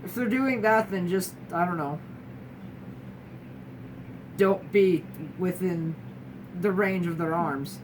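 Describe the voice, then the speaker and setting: Speaking slowly and pausing often, a young female guest shares her experience in a lowish voice during a casual talking-head chat. She's candid and wry, frequently restarting and imitating other people mid-sentence. She was recorded from a distance, a bit off-mic, with noticeable room noise.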